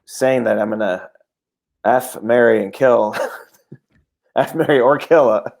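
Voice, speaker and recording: A man guesting on a podcast, chatting loosely and halting between thoughts. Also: mid-range voice, gravelly. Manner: relaxed, halting with fillers. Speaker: guest comedian. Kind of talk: casual chat.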